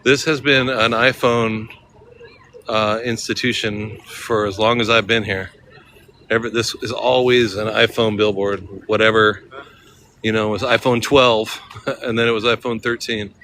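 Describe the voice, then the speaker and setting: A man from California with a bright, forceful voice chats in a relaxed, slangy way while he streams from his phone. Faint street and traffic noise sits under him outdoors. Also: fairly low pitch, a little slow. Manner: chatty, laid-back, slangy. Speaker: livestreaming vlogger. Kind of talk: casual livestream chat. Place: outdoors in a city at night, on the street and a ferry.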